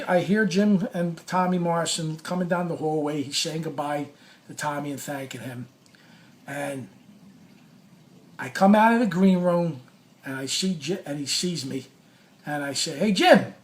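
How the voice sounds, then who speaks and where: A middle-aged man telling a personal story in an animated, blunt, profane way, full of restarts. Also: on the high side. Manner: blunt, profane, restless, acts out quoted lines. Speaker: storyteller recounting a past clash.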